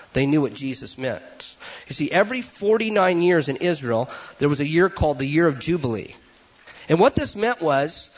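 A male pastor preaching a sermon in a lively, animated way, acting out little voices for laughs. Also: sits high, breathy edge, muffled recording.

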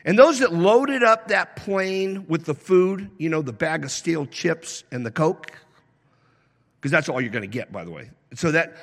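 A man preaching a sermon as pastor, shifting between conversational storytelling and emphatic preaching with swings in pace and loudness. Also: on the high side. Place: church sanctuary. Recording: long hall reverb.

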